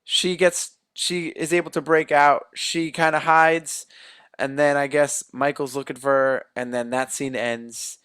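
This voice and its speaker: A man's voice: a little high, little pitch movement, a little slow, a bit bright, smooth, no room sound, clean studio sound. A man co-hosting a podcast, casually recapping a horror movie's plot in a rambling, joking way. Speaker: podcast co-host. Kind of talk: casual movie review chat.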